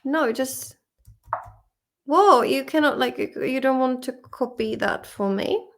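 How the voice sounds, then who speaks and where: A woman's voice: high-pitched, slow, a bit bright. A woman from the in her thirties, an English teacher chatting casually and emotionally, laughing and swearing as she goes through vocabulary. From Czech Republic. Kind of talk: casual vlog-style study session.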